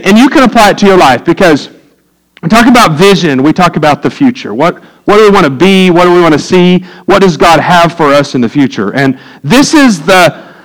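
A man's voice: high-pitched, rough recording. A middle-aged man, preaching a sermon as pastor in a folksy way, with joking asides to the congregation.

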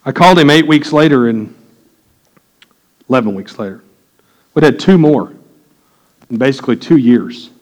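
A man's voice: mid-range voice, animated, moderate pace, long pauses, low-quality recording. A middle-aged man preaching a sermon, telling a candid personal story that builds to impassioned preaching. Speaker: pastor.

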